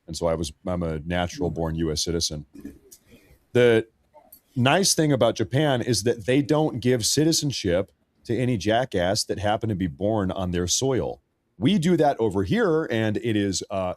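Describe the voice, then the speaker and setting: A man's voice: medium pitch, darkish tone, no echo. An American man hosting a livestream, giving casual news commentary in a blunt, crude, joking way. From United States. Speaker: livestream host.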